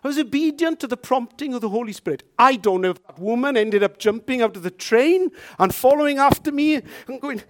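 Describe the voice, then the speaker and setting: A man preaching a sermon, telling a personal story with lively swings from hushed asides to loud, emphatic lines. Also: very high-pitched.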